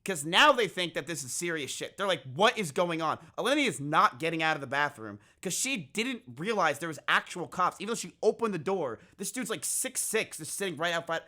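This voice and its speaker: A man's voice: fairly high pitch, fairly quick, hardly any pauses. A young man streaming, telling a story in casual chat, swearing freely and acting out what people said. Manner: animated, swears freely, acts out quotes.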